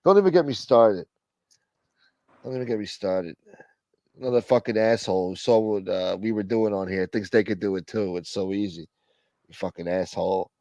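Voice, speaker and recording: A man's voice: moderate pace, darkish tone, no room sound. A man hosting a live online talk show, trash-talking rivals in a profane, mocking way. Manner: profane, mocking, puts on squeaky voices in bits. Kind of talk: profane casual banter.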